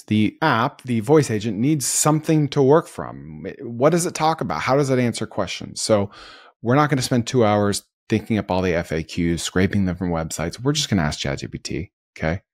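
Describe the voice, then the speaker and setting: A man's voice: lowish voice, animated, normal speed, dry recording, clean studio sound. A man hosting a screen-recorded tutorial, upbeat and talking through each step as he clicks. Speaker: host.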